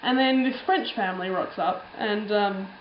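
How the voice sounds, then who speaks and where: A woman's voice: medium pitch, normal speed, reverberant, dull audio, slight background noise. A young woman telling a travel story in a casual, rambling way, full of ums and little laughs. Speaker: travel vlogger.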